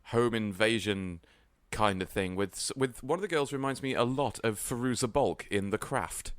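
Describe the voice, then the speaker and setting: Low guy chatting about films, smooth clear voice, wry and rambly, dry studio sound. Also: normal speed, no room sound. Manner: wry, rambling, prone to tangents. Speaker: podcast co-host. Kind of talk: casual film review chat. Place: podcast studio.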